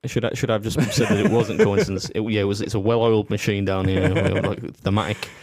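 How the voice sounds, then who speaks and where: A low-voiced man bantering quickly on a casual podcast, tossing in jokes as he goes. The sound is dry and close, with no room around it. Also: fairly even intonation, a little mellow, dry recording. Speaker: podcast co-host. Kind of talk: casual chat.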